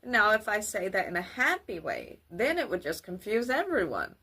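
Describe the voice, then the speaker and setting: A woman giving a grammar lesson for children, with careful, formal wording and deliberate delivery. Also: mid-range voice, very animated, sharp tone, husky. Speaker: teacher.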